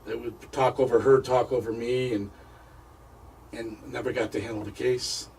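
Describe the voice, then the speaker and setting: A man, a paranormal investigator, telling a personal story as a radio interview guest, halting and repeating words as he goes. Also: medium pitch, fairly even intonation, darkish tone, far from the mic, slight background noise, poor audio.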